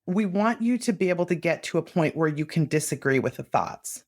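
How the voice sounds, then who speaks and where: A woman's voice: low voice, expressive, brisk, darkish tone. A woman guest on a podcast, earnestly explaining her ideas and acting out her own self-talk in casual conversation.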